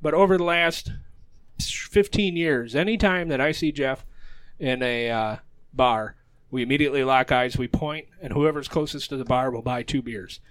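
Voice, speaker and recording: A man's voice: mid-range voice, moderate pace, fairly bright tone, dry recording. A man hosting a podcast in casual chat, out of breath and breathing heavily into a close mic, rambling and swearing freely. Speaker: podcast host.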